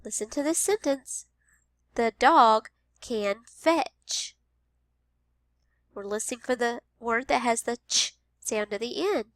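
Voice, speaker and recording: A woman teaching a phonics lesson to young children, speaking slowly and sounding out each word with care. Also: fairly high pitch, no echo. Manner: slow, careful, over-enunciated.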